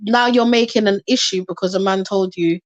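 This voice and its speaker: A woman speaks as a member of an online panel, laying out her side patiently. She backs up the host in a casual, even way. Her voice sounds dry and close. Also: medium pitch, brisk, no room sound, dull audio. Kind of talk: casual discussion.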